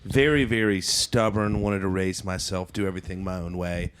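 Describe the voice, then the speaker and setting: A man's voice: low voice, moderate pace, smooth. A middle-aged man hosting a podcast, talking bluntly and with profanity and asking direct questions. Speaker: podcast host. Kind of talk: casual interview chat.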